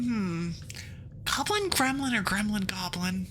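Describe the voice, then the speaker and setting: A woman VTuber chats through a game stream with a very bright, cutting voice that swings widely in pitch. She rambles playfully, with quick asides and giggles, and stops now and then to read the game text aloud. Her voice sits a little high. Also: lively intonation, slight background noise, poor audio.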